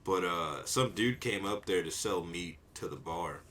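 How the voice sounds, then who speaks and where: A man's voice: low-pitched, animated, a little slow, fairly bright tone. A man hosting a casual podcast, telling a rambling story and laughing often. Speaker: podcast co-host. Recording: noisy home podcast recording.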